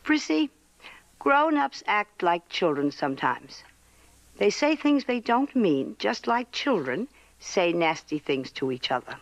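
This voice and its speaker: An actress in a 1950s western playing a calm, steady woman who questions people firmly and coaxes children. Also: medium pitch, a little slow. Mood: coaxing. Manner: firm, coaxing and probing. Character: steady grown woman, calm family mainstay. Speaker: actor in a western film. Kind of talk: 1950s film acting.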